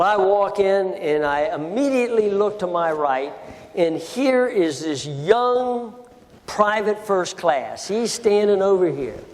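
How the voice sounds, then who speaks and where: An older man giving a speech in an auditorium, telling a personal story with animated, emotional shifts. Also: sits high. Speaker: speaker addressing an audience. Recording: hall reverb.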